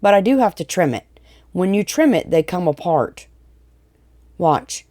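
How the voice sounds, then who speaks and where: A woman's voice: lowish voice, big pitch swings, unhurried, mellow, no echo, studio quality. A woman hosting a DIY craft tutorial, chatting casually, rambling and correcting herself as she works. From Tennessee. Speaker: DIY crafting channel host.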